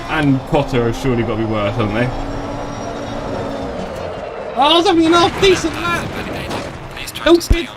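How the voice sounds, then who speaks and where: A man with a mid-range voice chats casually while live-streaming a sim race, joking at his own expense in a self-deprecating way. He's on a desktop streaming mic, and there's background noise.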